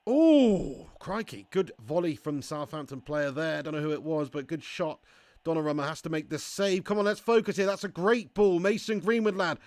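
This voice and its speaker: Excitable high-voiced streamer. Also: male voice, fairly quick, dry recording. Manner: excitable, swearing, chatty banter. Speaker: gaming livestreamer. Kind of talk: live game commentary and chat.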